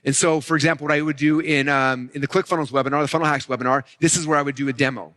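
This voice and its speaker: A man teaching a live marketing session, fast and energetic, often acting out customers' thoughts. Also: on the high side. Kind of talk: live event teaching talk.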